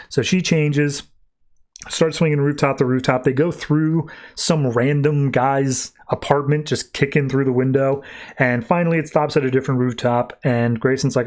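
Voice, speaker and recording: A man with a medium-pitched voice casually recaps a comic book on a podcast. He talks in a loose, chatty way, full of fillers and little asides. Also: steady tone, moderate pace, darkish tone. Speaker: podcast host.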